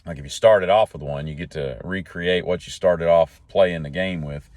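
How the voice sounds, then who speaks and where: Male solo host, folksy and tangent-prone, low-pitched, dry recording. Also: moderate pace, darkish tone, no echo. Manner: jokey, tangent-jumping, folksy. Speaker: podcast host. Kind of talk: rambling solo monologue.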